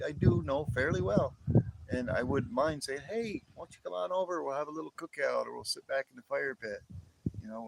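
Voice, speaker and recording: A man's voice: mid-range voice, creaky, no room sound. A man in his fifties from near the northern border, hosting a casual livestream chat and rambling, with frequent word repeats and chuckles. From northern New York near the Canadian border. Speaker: livestream host. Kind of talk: casual live chat with viewers.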